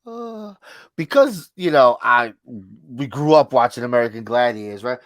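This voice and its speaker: A man co-hosting a podcast in casual chat, laughing often and chiming in with quick agreement. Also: mid-range voice, lively intonation, dry recording, studio quality. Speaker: podcast co-host.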